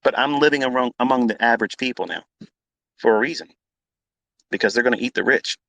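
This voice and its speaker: A man's voice: medium pitch, quick pace, vocal fry, a bit bright, no echo. Blunt, profane male trading mentor. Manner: blunt, profane, combative, repeats himself for emphasis. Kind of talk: live audio-room monologue.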